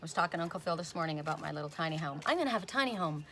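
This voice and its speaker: A woman's voice: low-pitched, lively intonation, racing, pushed and bright, slight background noise. A woman giving a casual spoken oracle card reading. She chats, often tags on "right?", and breaks off with sudden emphatic "Stop.".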